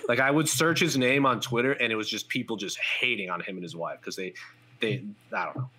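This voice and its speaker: A man's voice: medium pitch, brisk, sharp tone, slightly rough. A man hosting a fight podcast, talking loosely with lots of fillers. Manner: conversational, loose, frequent "like" fillers. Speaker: podcast host. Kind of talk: casual chat.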